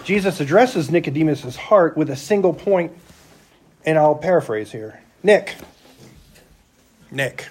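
Male church elder preaching, chatty and full of rhetorical questions, fairly high voice. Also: animated, normal speed, darkish tone, husky. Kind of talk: sermon.

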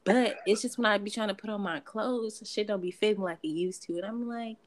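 In a brisk, medium-pitched voice, this podcast co-host keeps things casual, cursing freely and breaking into frequent laughter.

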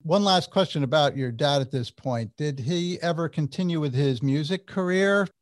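A man's voice: on the high side, moderate pace. A man interviewing a guest, asking short follow-up questions and reacting briefly. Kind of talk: conversational interview.

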